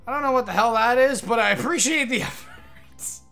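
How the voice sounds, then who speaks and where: A young man streaming a game live, chatting excitedly, swearing and thanking his viewers. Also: very high-pitched, moderate pace, soft background music.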